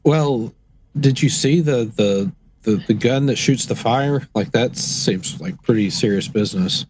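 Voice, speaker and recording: A man's voice: mid-range voice, unhurried, darkish tone, husky. A man playing a tabletop role-playing game, talking hesitantly with many fillers. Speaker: player. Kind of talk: tabletop role-play chat.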